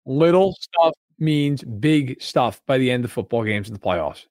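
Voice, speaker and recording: A man's voice: mid-range voice, lively intonation, unhurried, a little mellow, no room sound, studio quality. A man co-hosting a sports podcast, breaking down a game in an emphatic, heated way. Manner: emphatic, building to outbursts. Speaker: podcast co-host.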